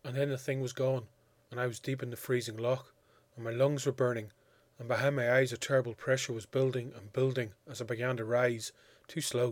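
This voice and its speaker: A man narrating a literary story in a measured, quiet, reflective way. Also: medium pitch, dry recording. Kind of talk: audiobook reading of a literary story.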